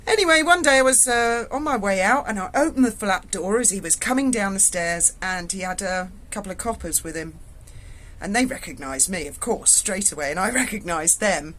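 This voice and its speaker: A woman's voice: medium pitch, expressive, moderate pace, a bit bright. Woman, fifties, chatty storyteller, blunt and sweary, talking indoors at home. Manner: chatty, frank and salty, with swearing. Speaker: vlogger. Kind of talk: casual storytelling to viewers.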